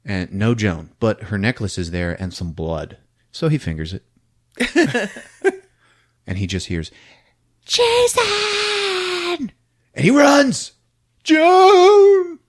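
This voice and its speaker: A man casually recapping a horror film on a podcast, acting out shouts and sound effects and laughing as he goes. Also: low voice, measured pace, long pauses. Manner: animated retelling with acted-out shouts and sound effects; laughs often while talking. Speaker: podcast host.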